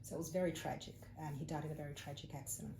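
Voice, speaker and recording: An Australian woman with a lowish, mellow voice recounts a personal experience as an interview guest, slipping into the voices of the people she quotes. The room is echoey, with a faint hum of background noise. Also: racing. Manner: animated storyteller, acts out quoted speech. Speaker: psychic medium, interview guest. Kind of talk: casual storytelling interview.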